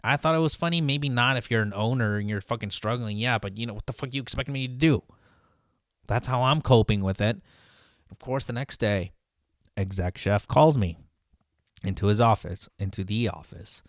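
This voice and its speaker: A man's voice: medium pitch, normal speed, no echo, clean studio sound. A man who works as a line cook tells a story in a casual, rambling monologue. He swears constantly, leans on "like" and "dude", and often restarts his sentences. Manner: profane and heated, heavy on "like" and "dude".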